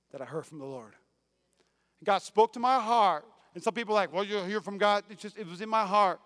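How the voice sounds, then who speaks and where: A man preaching a sermon as pastor, swinging between loud declarations and quiet asides. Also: high voice, smooth, no room sound, clean studio sound.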